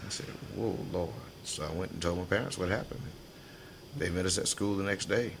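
A man's voice: low-pitched, a little fast, gravelly, noisy background. An older man telling stories in an oral history interview, folksy, laughing often and acting out the voices in his memories.

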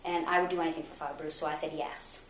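A woman from Mexico being interviewed, earnestly recounting a story, acting out quotes with hesitant pauses. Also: low voice, little pitch movement. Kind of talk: oral history interview. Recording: roomy echo, faint noise.

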